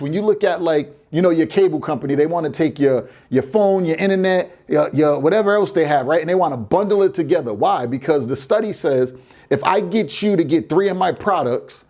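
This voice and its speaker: A man's voice: on the high side, darkish tone. A man hosting a sales podcast, coaching in a casual way, often repeating words and acting out what customers say.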